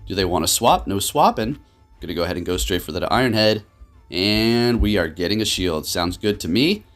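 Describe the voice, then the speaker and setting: A man hosting his gaming channel, giving excitable live commentary on his matches that swings quickly between frustration and laughter. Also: on the low side, soft background music.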